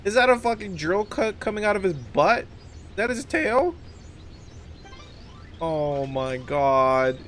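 A man's voice: high voice, sing-song, normal speed, fairly bright tone, a little hiss or hum. A man streaming a video game, commenting casually and swearing often as he reacts. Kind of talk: live gameplay commentary.

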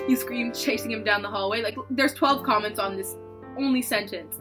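A woman's voice: a little high, moderate pace. Young female YouTuber, dramatic and shrieky, reads fan fiction over background music. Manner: dramatic, shrieking and laughing in disbelief. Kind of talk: reading fan fiction aloud with reactions.

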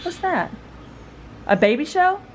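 A woman's voice: very high-pitched, sing-song, unhurried, slight background noise. A middle-aged woman and mother chatting casually and upbeat at home for a family vlog, rambling from one thing to the next.

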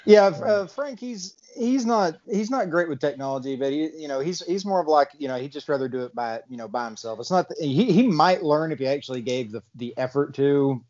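Chatty game master, man, higher voice, muffled audio. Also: lively intonation, brisk, hardly any pauses, a little mellow. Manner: chatty, laughs often. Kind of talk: narrating a tabletop game. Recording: slightly muffled recording.

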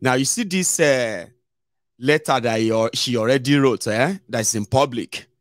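A man's voice: medium pitch, moderate pace, no echo, studio quality. Chatty Nigerian man on a livestream. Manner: chatty, digressive, mixes in pidgin, many fillers. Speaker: host of a political livestream. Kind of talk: casual livestream commentary.

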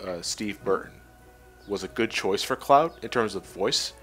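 Male let's play co-host, animated and bright, sarcastic, faint game music behind. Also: fairly low pitch, measured pace. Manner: animated, sarcastic, laughs often. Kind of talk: casual gaming commentary.

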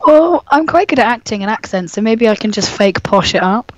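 A woman co-hosting a comedy podcast with a hoarse, gruff voice, crude and giggly, pronouncing every word with care. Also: fairly high pitch, animated, brisk, lo-fi sound. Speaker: podcast co-host. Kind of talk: casual chat and mock-sultry reading.

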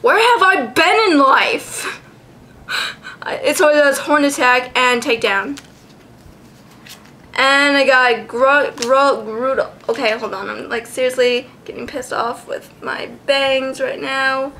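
A woman vlogger chatting casually, giggly and excitable, swearing freely as she goes. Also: sits high, unhurried, a little hiss or hum. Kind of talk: casual chat.

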